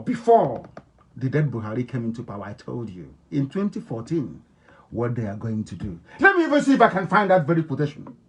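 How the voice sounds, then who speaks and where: A man with an Igbo-influenced Nigerian accent, a native Igbo speaker, gives an impassioned radio address to his followers. He is emphatic and repetitive, swinging between loud declarations and low, intense tones. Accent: Nigerian, Igbo-influenced English. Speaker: political leader broadcasting to followers.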